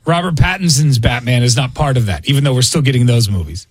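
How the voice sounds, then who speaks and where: A man's voice: medium pitch, expressive, fast, husky, no echo. A man hosting a radio morning show, talking in blunt, sarcastic banter. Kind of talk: casual studio banter. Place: radio studio.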